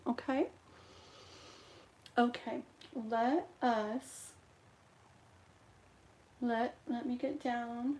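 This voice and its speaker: Female live-stream host, fairly high voice, soft reassuring guidance with frequent "okay", hiccups between lines. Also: fairly even intonation, very slow, pauses often. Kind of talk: live-stream healing ritual talk.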